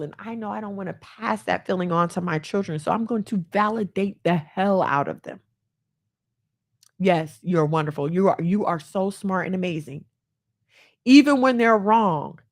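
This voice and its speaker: A woman in her thirties hosting a podcast, talking candidly and with emotion to her listeners about family and self-love. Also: on the low side. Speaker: podcast host. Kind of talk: personal talk to listeners.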